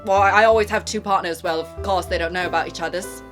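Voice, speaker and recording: A woman voicing a smug man who passes off cheating as polyamory, in a put-on British accent and a matter-of-fact deadpan. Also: fairly low pitch, fast talker, music in the background, close to an everyday voice.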